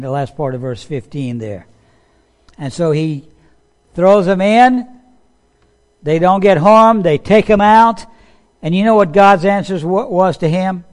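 A man with a slightly high voice preaches unhurriedly, leaving long pauses. His sermon is conversational, with quotes he acts out and questions he asks the audience.

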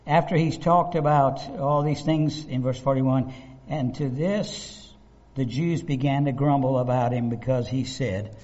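Animated preaching man, lo-fi recording. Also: medium pitch, a little slow. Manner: animated preaching, acts out voices of the crowd. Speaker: pastor. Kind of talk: sermon. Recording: dull lo-fi recording.

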